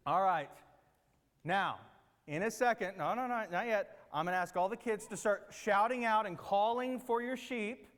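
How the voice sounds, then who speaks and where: A man's voice: high-pitched, normal speed, a bit bright. A man leading a children's church group activity, giving upbeat, coaxing instructions and checking often that the kids understand. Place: large room with a platform. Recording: long reverb of a big hall.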